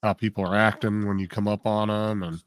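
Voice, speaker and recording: A man's voice: on the low side, level tone, fairly quick, smooth. A man talking in a casual chat, rambling and curious, often repeating words as he works out what he wants to say. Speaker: co-host on a live stream.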